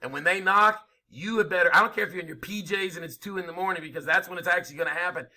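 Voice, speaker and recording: A man's voice: high-pitched, racing, bright, forceful tone. A man lecturing a history class, emphatic and informal, asking rhetorical questions as he goes. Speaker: history teacher.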